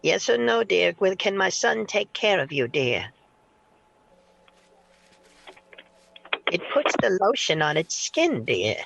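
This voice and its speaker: Man voicing a creaky old granny who calls everyone dear. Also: high voice, very animated, moderate pace, a bit bright, exaggerated voice. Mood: pleading. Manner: sweetly insistent, repeating "dear", crude. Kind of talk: prank call role-play.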